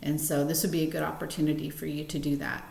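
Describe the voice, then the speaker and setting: A middle-aged woman librarian talking gently to children before a storytime read-aloud, with many ums. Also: low voice, flat delivery, fast talker, creaky. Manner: gentle, chatty teacher talk with many ums. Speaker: school librarian. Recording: roomy echo.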